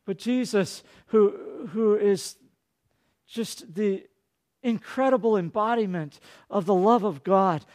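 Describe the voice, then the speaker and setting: A male pastor preaching a sermon, dropping to hushed tones and rising to loud, dramatic peaks. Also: takes it slowly. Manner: dynamic, swinging from hushed to booming.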